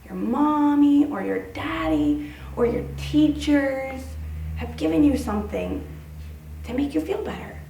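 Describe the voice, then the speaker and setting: A woman pastor giving a sing-song, animated children's sermon to preschoolers in a church. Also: sits high, a little slow, vocal fry, reverberant, far from the mic, a little hiss or hum, poor audio.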